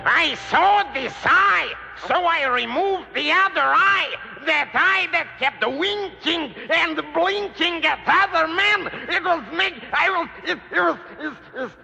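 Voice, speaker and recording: A man's voice: very high voice, expressive, takes it slowly, few pauses, sharp tone, muffled recording, exaggerated voice. A man impersonating a creepy, whiny crooner on an old comic novelty record. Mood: creepy crooning. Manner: sung with breathy menace, stammering. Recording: old record with band music.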